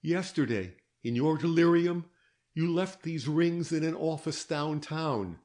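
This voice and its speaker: A man reading aloud, voicing an elderly detective who speaks gently and soothingly, coaxing and fatherly. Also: on the high side, a little slow, pitched above the performer's own voice, close to an everyday voice. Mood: gentle coaxing. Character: old male detective, fatherly, gentle and shrewd.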